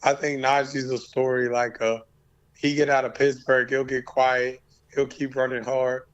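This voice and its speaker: Hoarse laid-back man, flat voice. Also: medium pitch, moderate pace, dull audio. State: hoarse, voice worn from yelling. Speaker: guest, former player. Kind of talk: casual chat.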